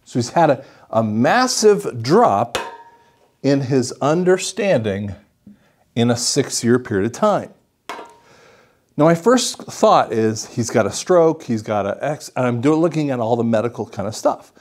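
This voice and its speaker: A male audiologist explaining a patient case as a lively story, acting out what the patient said. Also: medium pitch, measured pace. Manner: animated storytelling, acts out the patient's lines.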